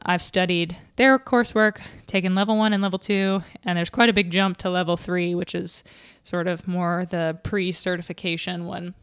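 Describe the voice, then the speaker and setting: A young woman talks on her podcast in a loose, thinking-aloud way, full of fillers, restarts and small laughs. Her voice sits a little low and sounds smooth and clear. She is slightly out of breath, recorded close and dry with no room sound. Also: dry recording. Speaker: podcast host. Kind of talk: casual solo podcast talk.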